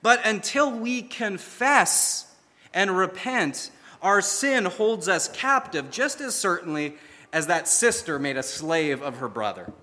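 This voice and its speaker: A man's voice: on the high side, bright, forceful tone, in a large hall. A man preaching a sermon, earnest and emphatic, who tells stories with vivid energy. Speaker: pastor.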